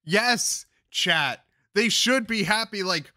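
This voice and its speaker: A man's voice: sits high, animated, measured pace, pushed and bright, dry recording, clean studio sound. Profane, exasperated young man ranting. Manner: crude, exasperated, swearing constantly. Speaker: commentator reacting to clips.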